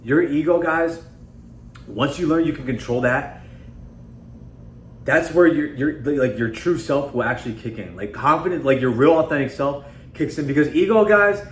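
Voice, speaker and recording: A man's voice: a little high, normal speed. A man hosting a casual motivational talk, speaking conversationally and emphatically and often calling his viewers "guys". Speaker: self-improvement video host. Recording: echoey room with faint background noise.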